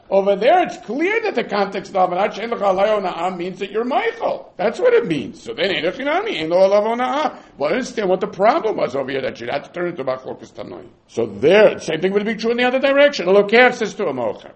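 A man's voice: high-pitched, sing-song, fairly quick, few pauses. A man teaching a Talmud class, explaining the rules with acted-out buyer and seller examples and Hebrew terms.

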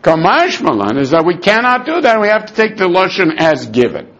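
A man teaching a Talmud lesson in an argumentative, animated way, dropping in Aramaic terms and restarting his sentences. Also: high-pitched, brisk. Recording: dull lo-fi recording.

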